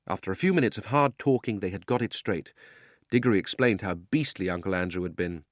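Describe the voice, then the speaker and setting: A man narrating a children's audiobook in a measured, expressive reading. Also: low-pitched, no echo, studio quality. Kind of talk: scripted storybook narration.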